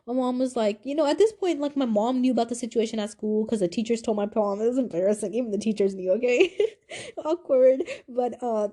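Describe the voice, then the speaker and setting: A woman's voice: a little high, dark tone. A young woman, around eighteen, candidly telling a personal story in a rambling, casual way full of "like" and "you know". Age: young adult. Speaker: vlogger.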